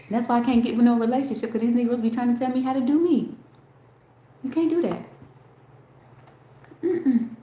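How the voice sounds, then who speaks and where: A woman's voice: a little high, mellow, muffled recording. A woman hosting a casual live stream, rambling and talking straight to her chat, swearing freely. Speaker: livestream host. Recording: roomy echo.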